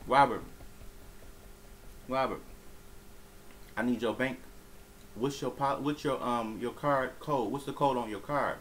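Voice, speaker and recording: A man's voice: medium pitch, a little slow, pauses often, a bit bright, slight background noise, close to an everyday voice, low-quality recording. A man voicing his insistent, blunt male friend while telling a story.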